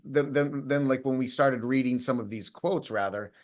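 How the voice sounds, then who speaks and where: A man's voice: medium pitch, normal speed. A man co-hosting a casual chat, telling stories in a rambling way with many restarts. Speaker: co-host.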